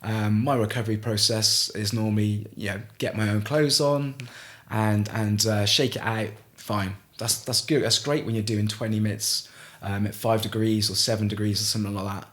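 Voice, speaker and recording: Guy, middle-aged, lowish voice, stops and restarts a lot while telling his story. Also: little pitch movement, a bit bright. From Gloucester, England. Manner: halting, frequent restarts, vivid retelling. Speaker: guest, ice swimmer. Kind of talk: casual storytelling in a podcast interview.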